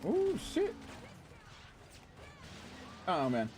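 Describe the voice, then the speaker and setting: A man streaming a game, chatting casually with his audience in an excitable, chatty way and swearing freely. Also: sits high, drawn-out words, background noise. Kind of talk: casual gameplay commentary.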